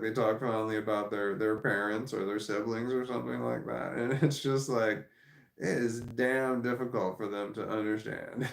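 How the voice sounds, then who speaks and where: A man's voice: on the low side, vocal fry, reverberant. A man hosting a casual livestream, reading viewer comments aloud and rambling about them with frequent laughs. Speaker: livestream host reading chat.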